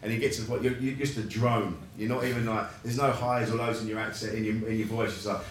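A man's voice: on the low side, steady tone, fast talker. Man, middle-aged, live podcast host, self-mocking, laughs a lot, faint noise behind. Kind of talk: live podcast interview on stage. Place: live comedy venue with audience. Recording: echoey venue, mic heard from a distance.

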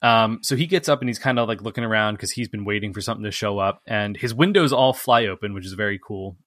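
Low, bright-toned man recapping a film. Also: fast, dry recording. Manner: steady recapping, peppered with "like". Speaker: podcast co-host. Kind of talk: casual film review chat.

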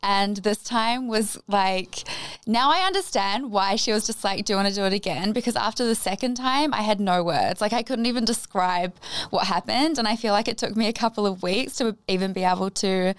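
A woman guest on a podcast, reflectively explaining her experience in a measured, casual way. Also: mid-range voice, smooth, no echo. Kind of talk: casual storytelling chat.

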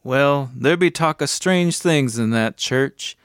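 A man's voice: mid-range voice, takes it slowly, smooth, dry recording, clean studio sound, lightly acted. A man putting on a drawling old-country cab driver. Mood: ominous. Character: gruff male English cab driver, wary.

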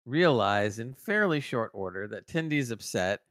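Bright punchy guy co-hosting a review pod, keeps interjecting, dry close mic. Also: medium pitch, no room sound. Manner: animated, quick to interject and argue a point. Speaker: podcast co-host. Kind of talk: casual review chat.

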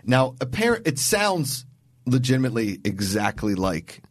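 A man's voice: medium pitch, very animated, moderate pace, no echo, studio quality. A man co-hosting a podcast in casual chat, rambling and joking as he talks through films and actors. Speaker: podcast co-host.

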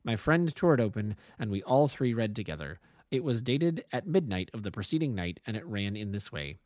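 A man, an amateur narrator, reading a classic story aloud with expressive storytelling. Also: fairly low pitch, a little fast, no room sound, clean studio sound. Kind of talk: audiobook reading.

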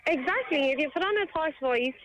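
A woman's voice: high-pitched, expressive, a little fast, fairly bright tone, slight background noise, poor audio. An Irish woman calling in to a radio show, chatting frankly and easily. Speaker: caller. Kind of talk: casual phone-in chat.

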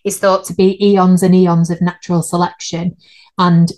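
A woman's voice: fairly low pitch, level tone, normal speed, darkish tone. A woman, co-hosting a podcast in casual chat and laughing at her own slips. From United Kingdom. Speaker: podcast co-host.

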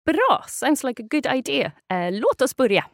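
Bright-voiced Swedish woman teacher. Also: high voice, big pitch swings, moderate pace, dry recording, studio quality. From Sweden. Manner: cheerful, encouraging, clear model pronunciations. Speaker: language teacher. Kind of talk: language lesson dialogue.

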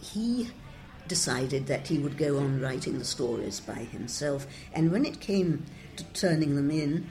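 A woman's voice: sits low, lively intonation, unhurried, warm tone, soft background music. An older woman, a translator, giving wry, discursive interview answers and quoting verse with relish.

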